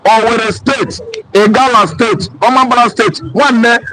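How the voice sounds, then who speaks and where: A man's voice: extremely high pitch, unhurried, a little hiss or hum, poor audio. A Nigerian man hosting a live-stream chat, calling out viewers' names. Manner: reads out viewers' names with lively calls. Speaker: show host.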